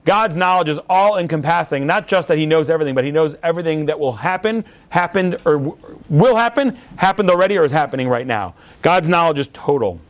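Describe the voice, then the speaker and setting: A rabbi leads a class in a high, light voice. He talks in quick bursts, then slows down to act out little scenes, leaping up in pitch when he plays someone yelling. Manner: lively storyteller, acts out yelling at a TV. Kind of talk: animated classroom teaching.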